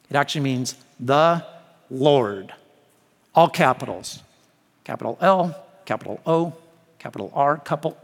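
A man's voice: fairly high pitch, a bit bright. A man preaching a sermon, telling a personal story with humorous asides and building to emphatic declarations. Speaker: pastor. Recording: long hall reverb.

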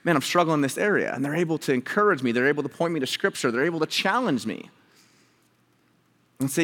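A pastor, a man with a slightly high voice, preaches in a relaxed, conversational way. The sound carries the long reverb of a large hall. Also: fast. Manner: conversational and animated, acting out quoted dialogue with rising pitch. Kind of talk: sermon with storytelling.

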